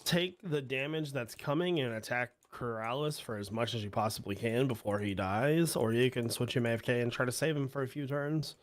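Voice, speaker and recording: A man's voice: mid-range voice, a little fast, hardly any pauses. A man refereeing a card game over voice chat, patiently explaining the rules step by step.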